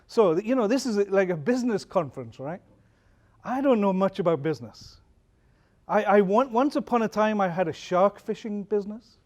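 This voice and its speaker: A man's voice: high voice, expressive, moderate pace, darkish tone. A man, a pastor, giving a conversational talk at a conference, telling stories and asking the audience questions. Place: conference hall.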